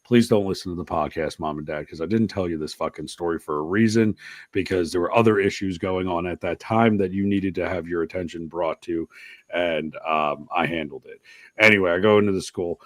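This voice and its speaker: A man's voice: sits low, brisk, dry recording. A man hosting a podcast, chatting casually and telling stories animatedly, swearing freely. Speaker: podcast host. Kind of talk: casual chat.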